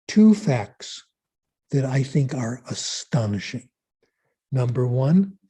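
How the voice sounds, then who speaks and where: A man giving a conference lecture, asking rhetorical questions and answering them in an emphatic, deliberate way. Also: mid-range voice, warm tone, husky. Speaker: conference speaker. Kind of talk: lecture on language learning.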